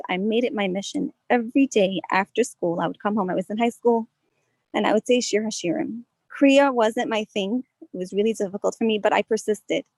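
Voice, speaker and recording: A woman's voice: a little high, a little mellow, no room sound. A woman giving a heartfelt personal testimony talk at a prayer gathering, speaking earnestly. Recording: dull lo-fi sound.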